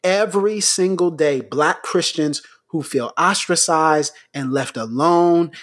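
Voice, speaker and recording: A man co-hosting a talk show who gives impassioned commentary. He hammers his points through repetition and surges upward into near-shouts. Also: fairly high pitch, takes it slowly. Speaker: podcast co-host.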